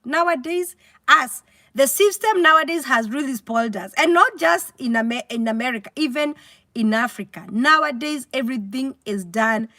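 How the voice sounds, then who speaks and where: A woman with a Kenyan accent hosting a casual livestream, chatty and animated, reading out comments and mixing in Swahili. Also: high-pitched, moderate pace, no room sound, studio quality. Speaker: livestream host.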